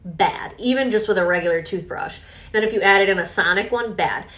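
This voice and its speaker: A young woman vlogging in a casual, animated storytelling way, often acting out what people said. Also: medium pitch, a little fast. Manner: chatty, animated, with quoted reenactments.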